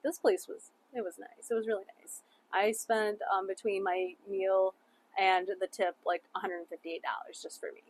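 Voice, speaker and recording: A young woman chatting casually through a travel story, saying "like" a lot, laughing often and swearing offhandedly. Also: mid-range voice. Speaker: travel vlogger.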